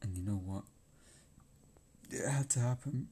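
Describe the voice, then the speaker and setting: A man's voice: medium pitch, a little slow, dark tone, slight background noise. A man ranting in a rambling, profane monologue, laughing often and repeating himself.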